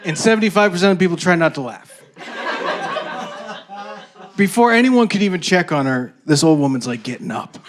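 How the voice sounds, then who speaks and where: A male stand-up comedian on stage with a higher-than-usual voice. He tells his stories in an animated way, jumping into voices and shouted lines. It's a live comedy set performed to a room. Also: moderate pace, long pauses. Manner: animated storytelling with shouted bits and voiced characters. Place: comedy stage before a laughing audience.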